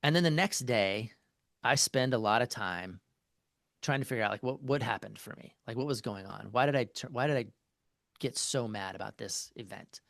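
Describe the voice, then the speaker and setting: A man who is a marriage therapist talks casually on a podcast, working through an example with many fillers and restarts. His mid-range voice is creaky and a little bright, at a moderate pace, with no echo.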